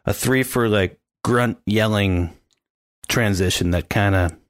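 A man co-hosting a podcast in casual chat, animated and mimicking sounds as he describes scenes. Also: on the low side, slow, dry recording, studio quality. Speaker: podcast co-host.

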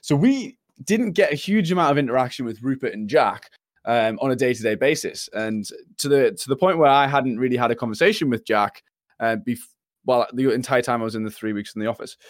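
A man's voice: mid-range voice, brisk, dry recording, clean studio sound. A young man, chatting casually on a podcast, rambling and laughing often as he tells stories. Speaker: podcast co-host. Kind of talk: casual chat.

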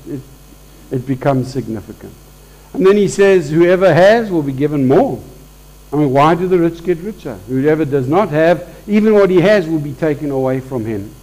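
A man's voice: on the high side, darkish tone, low-quality recording. A man preaching a conversational sermon at a church service, talking informally with restarts and building to emphatic peaks.

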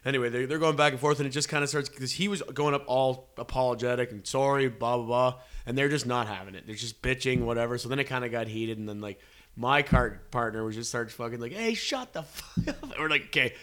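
A man's voice: mid-range voice, fairly even intonation, fast talker, a bit bright. Profane, rambling man. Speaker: podcast co-host. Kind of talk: casual chat, storytelling.

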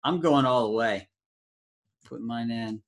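A man's voice: medium pitch, measured pace. A playful man hosts a children's ministry meeting over a video call. He talks in a loose, goofy way and reacts to things with easy amazement. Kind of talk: casual video call with kids.

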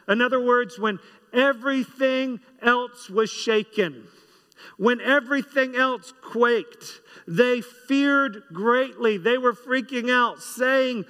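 A man's voice: very high voice, slow pace, pushed and bright, clean tone. A man preaching a sermon as pastor, leading his congregation in call-and-response. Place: large church hall. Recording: long hall reverb.

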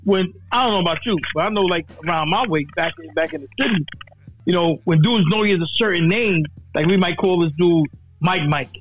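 Fast-talking high-voiced New man. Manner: animated storyteller, stumbles and restarts, heavy slang. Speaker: podcast guest. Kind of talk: casual chat. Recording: slightly muffled, faint music underneath.

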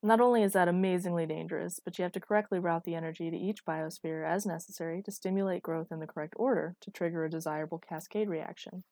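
A woman narrating first-person fiction in a measured, even storytelling manner. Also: on the low side, no room sound. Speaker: audiobook narrator.

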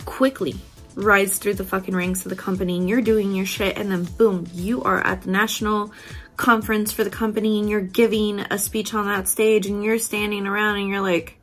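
A woman's voice: medium pitch, flat delivery, normal speed, fairly bright tone, faint music behind. A woman hosting a casual self-help podcast, swearing freely, laughing often and acting out her own inner voice. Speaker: podcast host.

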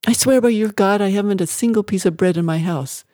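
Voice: medium pitch, slow, mellow, no echo, clean studio sound, pitched above the performer's own voice. A narrator voicing a poor, starving young widow and mother who speaks with a quaver. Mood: indignant. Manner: quavering, defensive. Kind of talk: audiobook character voice.

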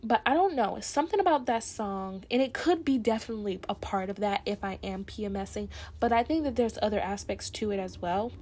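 A woman's voice: medium pitch, fairly quick, few pauses, mellow. A young woman hosting a solo podcast, talking in a rambling, reflective way with lots of fillers. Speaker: podcast host. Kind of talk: casual solo podcast chat.

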